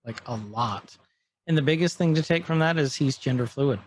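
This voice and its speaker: At a moderate pace and mid-range pitch, a male podcast co-host walks through a show in a relaxed way, lively as he voices scene quotes in passing. Faint background noise can be heard.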